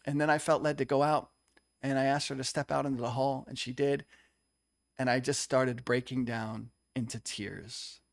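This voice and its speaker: A man's voice: mid-range voice, fairly even intonation, normal speed, vocal fry, dry recording, clean studio sound. Earnest man telling a personal story. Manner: earnest, confessional, tells stories with quoted dialogue. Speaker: co-host.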